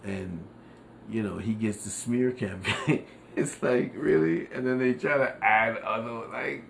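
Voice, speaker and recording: A man's voice: medium pitch, measured pace, gravelly, slight background noise. A man hosting his own podcast, ranting in casual commentary, full of street slang, swearing and frequent laughter. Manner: animated, laughs often, swears freely; New York street slang. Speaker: podcast host.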